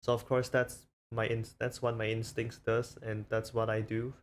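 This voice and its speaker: A man's voice: medium pitch, monotone, moderate pace, slight background noise. A man streaming casually, rambling and self-conscious as he shows off the different voices he talks in. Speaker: VTuber streamer.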